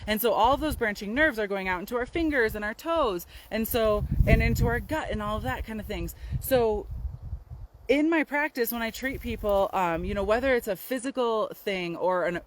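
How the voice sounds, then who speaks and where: A woman's voice: mid-range voice, low-quality recording. A woman, a naturopathic doctor, chatting casually to a handheld phone camera outdoors on a windy day, full of fillers and "right?" tags. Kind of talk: casual health talk to camera.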